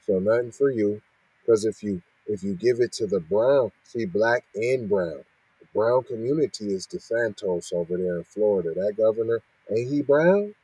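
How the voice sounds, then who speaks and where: A man reads out news and keeps cutting in to scold, firing off rhetorical questions. His voice is dark and husky. It is recorded dry and close. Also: lowish voice, animated, moderate pace, no echo, poor audio. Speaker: podcast host reacting to news. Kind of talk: reading and ranting commentary.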